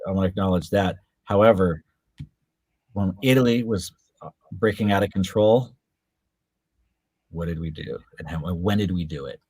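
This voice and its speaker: A man being interviewed as a guest musician, answering in a measured, dry, guarded way. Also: low-pitched, darkish tone, breathy edge, dry recording. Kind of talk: casual interview chat.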